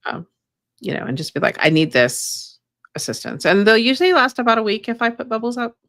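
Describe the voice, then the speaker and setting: A woman's voice: a little high, big pitch swings, fairly quick, fairly bright tone, no room sound. A woman co-hosting a casual live stream about energy healing, rambling with many fillers. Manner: rambling, many ums and you-knows. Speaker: co-host, energy healer.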